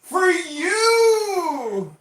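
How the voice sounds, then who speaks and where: A woman yells furious insults during a live-stream call. Her high voice swings up and down. It sounds echoey and far from the mic. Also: big pitch swings, very slow, a little hiss or hum. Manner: abusive, yelling. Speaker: caller. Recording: echoey, distant stream audio.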